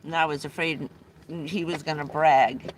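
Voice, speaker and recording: A woman's voice: low voice, steady tone, measured pace, a little hiss or hum. A middle-aged woman telling family stories casually on a livestream, rambling with frequent restarts and bursts of laughter, speaking from inside a vehicle. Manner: rambling, restarts often, laughs between anecdotes.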